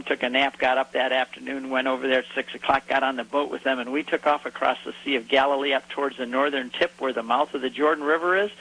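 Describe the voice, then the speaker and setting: A man telling a personal story in a relaxed conversation, acting out the people he quotes. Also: medium pitch, rough recording. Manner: animated storyteller, acts out quoted voices. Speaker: guest.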